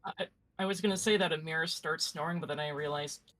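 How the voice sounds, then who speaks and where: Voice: medium pitch, fairly even intonation, a little fast, a bit bright, slight background noise, rough recording. A player in a tabletop game, talking hesitantly with stammering restarts.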